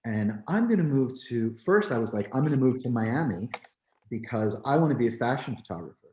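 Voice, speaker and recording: A man's voice: medium pitch, a little fast, dull audio, a little hiss or hum. Jersey guy telling his story, lots of "like" and "you know", sounds roomy. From New Jersey, US. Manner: animated and candid, with frequent "like" and "you know". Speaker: photographer. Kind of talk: storytelling in a conversation. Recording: roomy echo.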